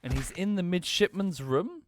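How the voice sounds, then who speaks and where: A man's voice: sits high, expressive, normal speed, a little hiss or hum. A man streaming a game, thinking aloud as he plays, apologizing and correcting himself along the way. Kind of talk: casual gameplay commentary.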